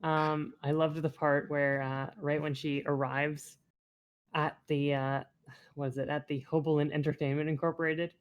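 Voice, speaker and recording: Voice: mid-range voice, little pitch movement, moderate pace, clean tone, dull audio. A podcast co-host chatting casually about an anime, rambling with many fillers and frequent laughter. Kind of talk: casual chat.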